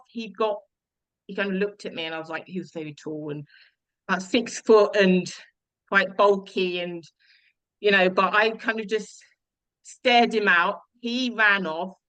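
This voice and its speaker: A woman's voice: mid-range voice, sharp tone, rough recording. A young woman telling her personal story as an interview guest, earnest and reflective, with frequent restarts.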